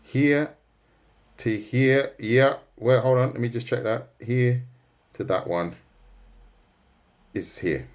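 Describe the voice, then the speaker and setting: A man's voice: medium pitch, slow pace, pauses often. A man giving a casual, joking drawing lesson on a livestream, teasing his viewers. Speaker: art teacher.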